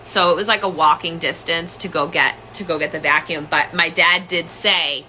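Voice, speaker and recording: A woman's voice: fairly low pitch, fairly even intonation, normal speed, hardly any pauses, pushed and bright, slight background noise, low-quality recording. A young woman hosting a podcast, telling a personal story in a rambling, casual way full of "like" and "um". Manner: rambling, filler-heavy, full of "like" and "um". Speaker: podcast host.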